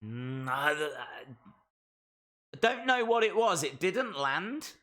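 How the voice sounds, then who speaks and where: A man streaming a live wrestling watch-along, reacting with jokes and sudden shouted mimicry. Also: fairly high pitch, slow. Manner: animated, jokey, mimics wrestlers in shouted bits.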